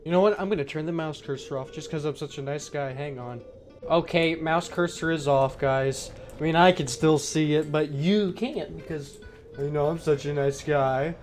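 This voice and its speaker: A man's voice: on the high side, normal speed, darkish tone, soft background music. A young man giving crude, sarcastic running commentary while playing a game. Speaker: gameplay commentator. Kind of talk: casual let's play commentary.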